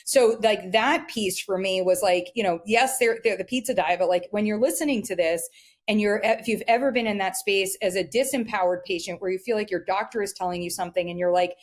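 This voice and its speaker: A woman dietitian chats as a podcast guest, animated and anecdotal. She keeps reaching for "like" and "you know" and slips into voices for quoted lines. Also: mid-range voice, brisk. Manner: animated, many fillers, acts out quotes. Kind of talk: casual interview storytelling.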